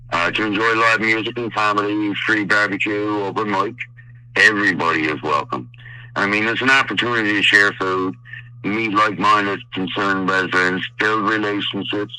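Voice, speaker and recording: A man speaking as a housing advocacy spokesperson in a radio interview by phone, halting with many fillers and restarts. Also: deep voice, pushed and bright, rough recording. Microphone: phone line.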